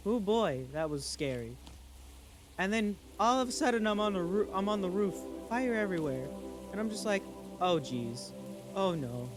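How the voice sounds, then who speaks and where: A man tells a spooky story in a casual, excitable way, stumbling over restarts and exclaiming often. His voice sits a little high and swings widely in pitch. Music plays clearly behind him. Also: normal speed. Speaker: channel host.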